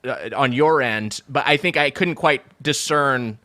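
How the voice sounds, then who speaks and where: A man's voice: medium pitch, a little slow, bright, forceful tone. A man co-hosting a comedy podcast who talks in an earnest, careful way that tends to over-explain. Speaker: co-host. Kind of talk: casual comedic chat.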